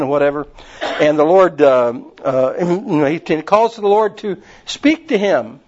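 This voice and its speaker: A man's voice: on the high side, lively intonation, moderate pace, a little mellow. A man preaching a casual, rambling sermon, retelling stories with many fillers. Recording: muffled lo-fi recording.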